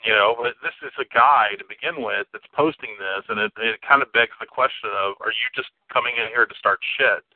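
A man in casual chat, telling stories in an animated, profane way. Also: on the low side, fairly quick, hardly any pauses. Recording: dry, tinny phone line.

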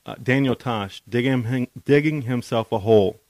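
A man hosting a podcast, asking relaxed questions in a hotel room interview. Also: mid-range voice, normal speed, no echo. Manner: short back-channel replies, relaxed questions. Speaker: podcast host. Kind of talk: casual interview.

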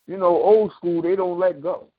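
A man's voice: high voice, steady tone, moderate pace. A man hosting a talk show, delivering a heated, preachy monologue full of sarcastic rhetorical questions and profanity. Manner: impassioned, preachy ranting with profanity. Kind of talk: opinionated monologue. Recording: tinny phone-like sound.

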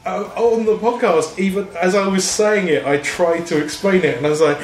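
A man's voice: high voice, soft background music. Male podcast co-host, South London accent, rambling and jokey, echoey room. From South East London. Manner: rambling, digressive, quick to joke. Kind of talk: casual chat.

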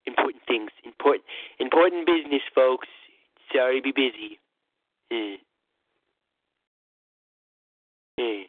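A man's voice: medium pitch, moderate pace, no room sound, natural voice. A man putting on a boastful, rambling old male politician parody in a comedic impression monologue, stammering and repeating himself. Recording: tinny phone-like dry sound.

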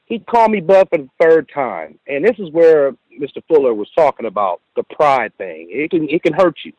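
A man calls in to tell a casual story from work, animatedly acting out other people's lines with quoted dialogue and saying "you know" a lot. His voice is a little high and his speed normal; the audio is dull, with no echo.

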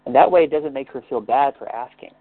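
Gravelly-voiced man coaching gently over a call. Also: medium pitch, quick pace, no room sound, phone-quality sound, soft background music. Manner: gentle, probing questions. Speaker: life coach leading a session. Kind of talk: guided coaching session.

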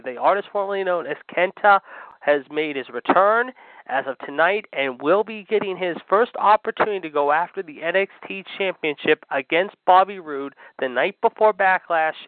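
A man's voice: a little high, dry recording. A man reporting wrestling news on a radio show in a hyped announcer manner, dropping "however" again and again. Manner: repeats "however" constantly, hyped announcer delivery. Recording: tinny phone-line audio.

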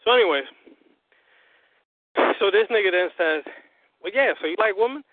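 A man, a guest on a call-in interview, telling his story in an animated, profane way and acting out what others said. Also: high voice, normal speed, long pauses, very noisy. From US Northeast. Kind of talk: casual phone interview. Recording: tinny phone line.

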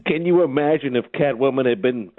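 A man doing a comedy bit on talk radio, with a deadpan, mock-serious delivery. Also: medium pitch, a little fast, no echo. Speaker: comedic impressionist caller. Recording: slightly dull radio line.

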